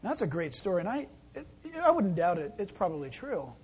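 High, husky-voiced folksy preacher. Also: male voice, big pitch swings, brisk. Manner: folksy, conversational preaching with acted asides. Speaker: pastor. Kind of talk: sermon.

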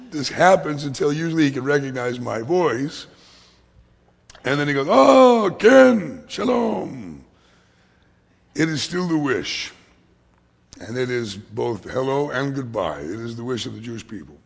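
Gravelly husky preacher in a reverberant hall. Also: male voice, medium pitch, lively intonation, normal speed, long pauses. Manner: dynamic preaching that swings from hushed whispers to loud emphatic lines. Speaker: pastor. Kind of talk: sermon.

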